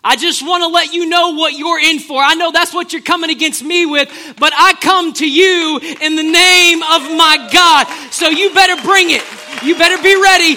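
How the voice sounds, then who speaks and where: A man's voice: extremely high pitch, bright, forceful tone, a little hiss or hum, heavily acted. A man acting out a brash, confident teenage shepherd boy who trash-talks a giant in swaggering casual slang.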